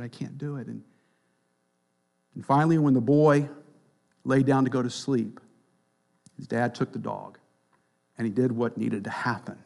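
A man preaching a sermon, swinging between quiet, near-whispered lines and loud, emphatic passages. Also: mid-range voice, gravelly.

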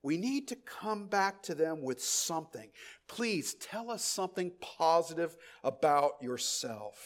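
A pastor preaching a sermon, emphatic, repeating key phrases and dropping into quiet asides. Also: male voice, on the high side, very animated, measured pace.

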